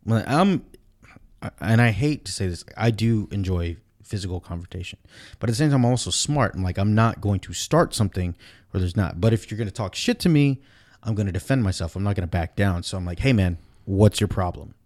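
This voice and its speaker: Very deep-voiced man telling a story bluntly. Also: fast. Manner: blunt, swears freely, animated retelling. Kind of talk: casual chat, storytelling.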